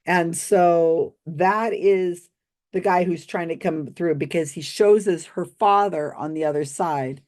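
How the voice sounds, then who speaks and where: Skeptic host, woman, low-pitched, slow, sarcastic commentary. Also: a little mellow. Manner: sarcastic, mocking, with bursts of laughter. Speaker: host reviewing a psychic reading.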